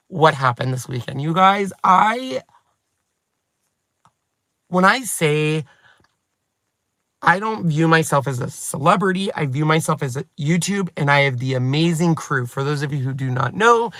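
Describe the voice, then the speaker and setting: A chatty man in his forties talks straight to his viewers, animated and self-mocking. His voice sits a little high and sounds bright and forceful. The recording is close and dry, with no room sound. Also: no echo. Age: 40s. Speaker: craft YouTuber and host. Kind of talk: chatty vlog storytelling to viewers.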